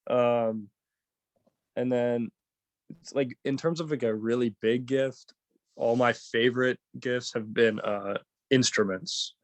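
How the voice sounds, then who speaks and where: A man chatting as a guest in a relaxed way, laughing easily and hesitating with fillers. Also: medium pitch, takes it slowly, dry recording. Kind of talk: casual chat.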